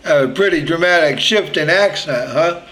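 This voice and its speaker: A man's voice: on the high side, normal speed, music in the background, rough recording. A man hosting a podcast, giving opinionated, blunt political commentary in a conversational way. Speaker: podcast host.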